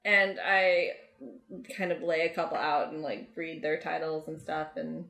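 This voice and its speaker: A woman's voice: low-pitched, little pitch movement, a little slow, gravelly, a bit bright. A woman playing a tabletop game, chatty and giggly, full of likes and ums. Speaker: player. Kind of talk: casual tabletop play. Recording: roomy echo.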